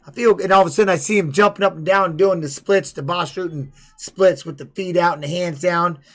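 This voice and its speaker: A man's voice: sits high, fairly quick. A middle-aged man, a former fighter, swearing freely as he tells a rambling story on his live stream. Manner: profane, animated retelling.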